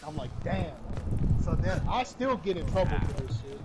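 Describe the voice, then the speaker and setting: Young man, streamer, casual storytelling, profane, acts out quotes, fairly high voice, loud gunfire behind. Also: lively intonation, moderate pace, very noisy. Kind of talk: casual storytelling while gaming.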